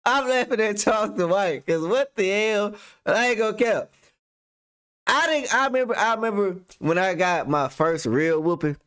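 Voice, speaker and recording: A man's voice: sits high, lively intonation, normal speed, a bit bright, clear, resonant tone. A young man reacting to a clip with loose, slang-heavy commentary and a personal story, laughing often.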